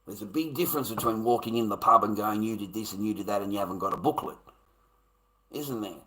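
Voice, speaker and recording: An Australian man chatting on a livestream, swearing freely as he rambles and lectures his viewers. His voice sits low but sounds bright and forceful, and it jumps up into loud bursts when he gets worked up. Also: fast talker, poor audio. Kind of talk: casual rambling livestream chat.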